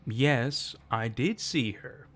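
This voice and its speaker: A man's voice: medium pitch, takes it slowly, a bit bright. A man voicing Anna, a shaken young woman. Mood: tense. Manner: pleading, shaken.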